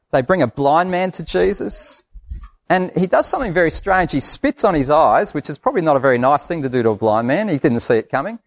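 An Australian man preaching a sermon in a conversational, folksy way, repeating phrases for emphasis. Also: on the high side.

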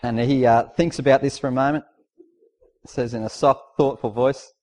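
A man's voice: mid-range voice, steady tone, moderate pace, darkish tone. A man preaching a sermon in a conversational, emphatic way, posing rhetorical questions and reading out scripture.

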